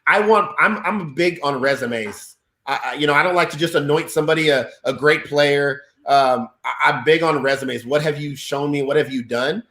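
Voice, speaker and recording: A man's voice: on the high side, normal speed, sharp tone. Earnest man in an echoey room. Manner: earnest, repeats himself. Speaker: sports podcast guest. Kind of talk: casual sports talk.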